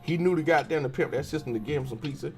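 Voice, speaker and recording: A young man hosting a podcast, telling profane and animated stories in a casual monologue while he draws. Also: fairly high pitch, racing, soft background music. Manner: profane, animated storytelling with slangy cussing. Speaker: podcast host.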